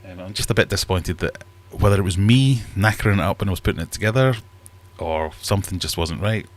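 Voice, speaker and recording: A man's voice: low-pitched, quick pace. A man hosting a casual livestream from his home fish room, chatting in a rambling, self-deprecating way. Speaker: livestream host.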